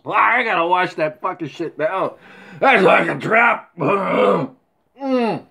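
A middle-aged man rambling crudely in a casual vlog, swearing constantly with rough humor. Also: high-pitched, animated, takes it slowly, pushed and bright. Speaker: vlogger. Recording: faint background noise.

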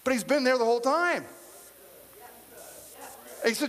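Male pastor with a high voice, conversational sermon delivery with humor, recorded in a reverberant church hall. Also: lively intonation, measured pace, pauses often, fairly bright tone. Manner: conversational preaching with humor and repetition; addresses the congregation directly. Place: church sanctuary with a congregation. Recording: long reverb of a large hall.

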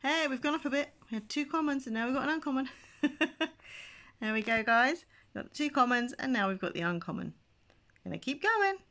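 A bubbly woman with a fairly high voice chats through her gameplay, calling her viewers guys. She gets excited easily, gasping and squealing. Casual, friendly commentary. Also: a little fast. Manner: chatty, addresses viewers as guys. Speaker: gaming channel host.

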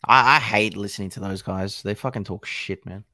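A man's voice: fairly low pitch, normal speed, pushed and bright. A young man co-hosting a casual football chat, blunt and opinionated, swearing freely.

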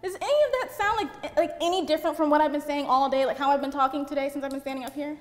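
A woman's voice: high-pitched, racing. A young woman giving a casual seminar talk, chatty and giggly, peppered with "like". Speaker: seminar speaker. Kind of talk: casual presentation to an audience. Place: seminar room, on stage. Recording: reverberant hall with faint room noise.

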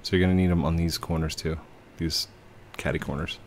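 A man hosting a casual game session, playful and quick to laugh, talking to the characters on screen. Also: low-pitched, steady tone, a little hiss or hum. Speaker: gaming channel host. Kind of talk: casual let's-play chat.

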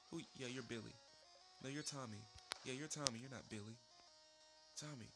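Excitable young man yelling at a game. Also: medium pitch, fairly quick, vocal fry. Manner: excitable, yelps and shouts at the game; rambling with many fillers. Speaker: let's play host. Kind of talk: casual gameplay commentary. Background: game music.

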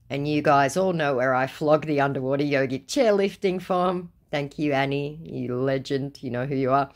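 A woman's voice: very deep voice, normal speed, few pauses. A woman in her forties sarcastically retelling a chat with a scammer. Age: 40s. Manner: sarcastic, dry. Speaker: scambaiting storyteller. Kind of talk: comic retelling of chat messages.

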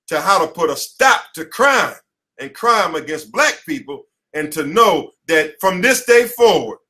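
Passionate American male attorney, high-pitched and forceful, delivering an emphatic, preachy lecture. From United States. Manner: preachy, emphatic, repeats slogans. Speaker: attorney teaching a class. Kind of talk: impassioned lecture. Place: his office headquarters, indoors.

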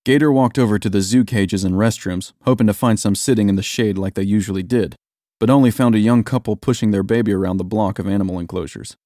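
A man reading a story aloud in steady, even scripted narration. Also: on the low side, quick pace, dry recording, clean studio sound.

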